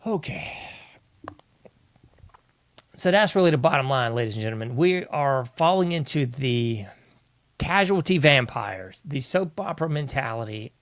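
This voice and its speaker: A man's voice: medium pitch, expressive, a little slow, pauses often, no room sound. A male host giving an exasperated, ranting political commentary monologue, often addressing his listeners as "folks".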